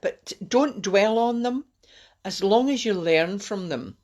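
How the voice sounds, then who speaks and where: A woman's voice: medium pitch, lively intonation, slow, darkish tone. A middle-aged woman, hosting a rambling, encouraging self-help talk on a live stream. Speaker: host.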